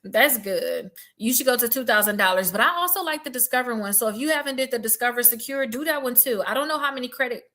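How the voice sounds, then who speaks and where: Woman credit advisor, casual direct-to-viewer talk, bright forceful voice, blunt and emphatic. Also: a little high, fast, hardly any pauses. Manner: blunt, emphatic, addresses the audience as y'all.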